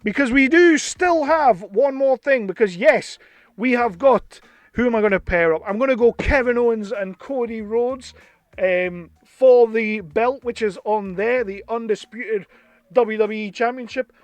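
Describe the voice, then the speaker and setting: An English man chatting casually and excitedly as he unboxes and reviews toys. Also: very high voice, a little slow, dry recording. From England. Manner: chatty and enthusiastic, with bursts of excitement. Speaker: toy reviewer.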